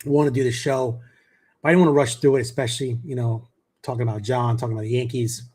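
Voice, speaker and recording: A man's voice: medium pitch, fairly even intonation, quick pace, dark tone. A middle-aged man from the New York area hosting a casual sports talk show, chatty, with many fillers and repeated words.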